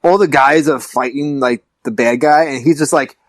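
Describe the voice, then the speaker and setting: Man, podcast host, casual chat, jokey, swears a lot, mid pitch, dead dry recording. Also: fairly quick, no echo. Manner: joking, swears freely.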